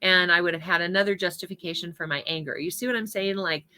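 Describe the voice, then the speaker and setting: Bright-voiced woman telling a story. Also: on the low side, fast talker, smooth. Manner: conversational, personal, with laughs. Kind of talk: spiritual talk with personal story.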